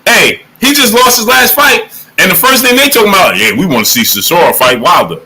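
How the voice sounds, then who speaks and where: A man hosting a boxing livestream, giving shout-outs to the chat in casual, animated talk, sometimes dropping to a hush. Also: a little high, brisk, breathy edge. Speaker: livestream boxing show host.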